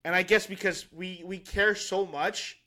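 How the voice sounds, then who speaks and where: Man, podcast co-host, casual chat, slightly high voice, excited and rambling. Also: a little slow. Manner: excited, rambling, with restarts and laughs.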